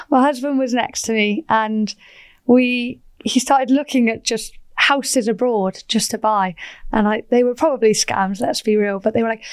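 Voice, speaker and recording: A woman, chatting as a podcast guest, animated and quick to laugh. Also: on the high side, smooth, dry recording. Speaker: podcast guest, property entrepreneur. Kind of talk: casual interview chat.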